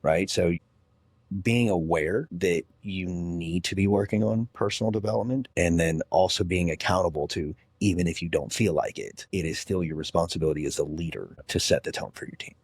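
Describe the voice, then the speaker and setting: Low, husky-voiced male guest. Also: brisk, a little mellow, dry recording. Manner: earnest and heartfelt. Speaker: podcast guest, gym owner. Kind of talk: casual podcast conversation.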